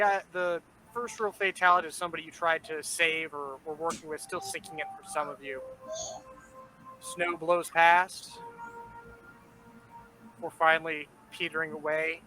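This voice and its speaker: A man's voice: fairly high pitch, bright, forceful tone, poor audio. A man running a tabletop game as game master, narrating in a laid-back, rambling way.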